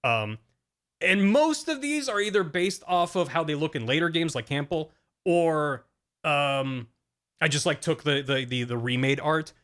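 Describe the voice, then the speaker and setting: A man's voice: a little high, animated, measured pace, fairly bright tone. A young man streaming, giving rambling, self-deprecating casual commentary full of fillers and laughs.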